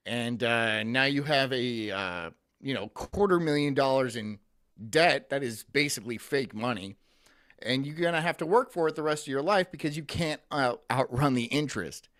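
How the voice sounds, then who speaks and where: Male streamer, profane opinionated rant, mid pitch, swooping lively delivery. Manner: profane, opinionated, reads chat aloud. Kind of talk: casual ranting commentary.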